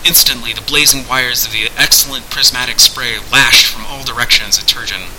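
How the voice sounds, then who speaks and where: A man narrating a fantasy story aloud in a measured, dramatic way. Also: medium pitch, fairly even intonation, background noise.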